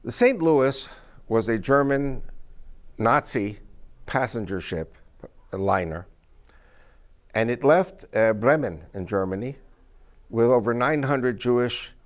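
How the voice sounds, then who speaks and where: A man's voice: mid-range voice, lively intonation, slow pace, pauses often. A man giving a lecture-style talk to an audience, telling stories emphatically and quizzing listeners with questions. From United States. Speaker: speaker to an audience.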